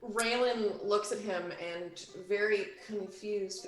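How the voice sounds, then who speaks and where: Woman player joking deadpan, high voice, echoey room. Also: unhurried, soft background music.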